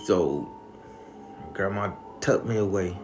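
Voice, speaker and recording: A man's voice: deep voice, takes it slowly, soft background music. A man telling a crude, comedic story in casual, profane slang.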